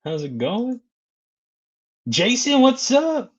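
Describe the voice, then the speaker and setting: This man's voice is extremely high and swoops wildly in pitch while he speaks slowly, and the audio is dull with background noise. Hosting a casual live stream, he chats, greets viewers by name, reads out their comments and laughs often between remarks.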